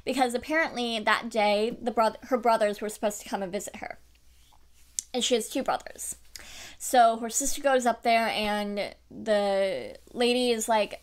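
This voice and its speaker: Young woman book vlogger, chatty, excitable, higher-pitched. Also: normal speed. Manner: animated, chatty, lots of fillers and laughs. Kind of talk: casual book review chat.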